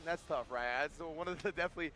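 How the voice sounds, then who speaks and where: A male esports commentator with a high-pitched voice, calling fighting game matches with hype and easy banter. Music plays behind him. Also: racing. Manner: excitable, hype-driven, joking with co-caster.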